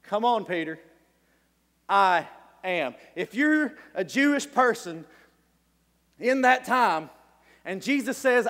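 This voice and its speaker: A preacher with a voice pitched very high for a man gives a lively, unhurried sermon, telling stories punctuated by sudden shouts and frequent chuckles. The long reverb of a large hall rings around him.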